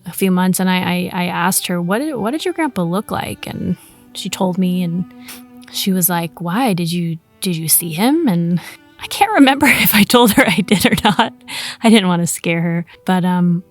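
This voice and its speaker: Lady host telling her own ghost story, kinda low voice, acts out the quotes, casual and chatty. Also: moderate pace, soft background music. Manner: chatty, animated retelling with quoted dialogue. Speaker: podcast host.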